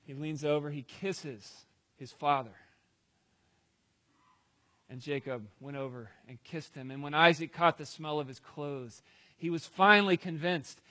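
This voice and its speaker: A preacher with a slightly high voice retells a scripture story in a loose, conversational way, dropping casual asides as he goes. The sound is dry and close. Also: unhurried, long pauses, pushed and bright, no room sound. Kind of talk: storytelling sermon.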